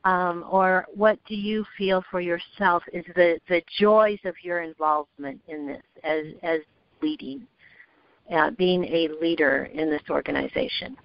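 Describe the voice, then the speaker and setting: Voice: medium pitch, fairly even intonation, a little slow, creaky, clean tone, no room sound. A podcast host interviewing a guest, asking questions hesitantly with many fillers. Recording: dry, dull lo-fi recording.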